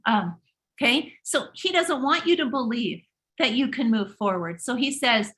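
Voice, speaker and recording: Woman, high voice, bright tone, fervent motivational talk, emphatic, repeats herself. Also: animated, moderate pace. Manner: emphatic, preachy, repeats and restarts words. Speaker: host of a live motivational stream.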